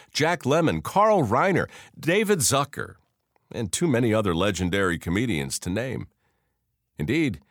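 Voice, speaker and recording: A man's voice: fairly low pitch, no echo, clean studio sound. A man narrating a scripted story in a folksy, wry storytelling manner.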